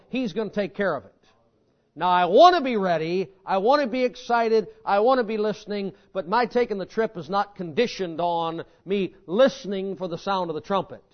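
High-voiced preacher, lo-fi recording. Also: male voice. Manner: folksy, animated storytelling preaching. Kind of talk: sermon. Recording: dull lo-fi sermon recording.

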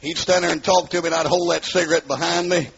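Gravelly man preaching a testimony. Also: fairly high pitch, fairly even intonation, fast, a little hiss or hum. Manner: emphatic storytelling, rising to shouts. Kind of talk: testimony sermon. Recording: dull lo-fi recording.

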